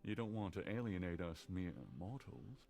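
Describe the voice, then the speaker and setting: A man's voice: sits low, normal speed, creaky, dark tone, soft background music. An actor playing a lazy, flirtatious male writer who runs a bookshop, teasing his assistant in a voiced adventure game. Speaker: game character.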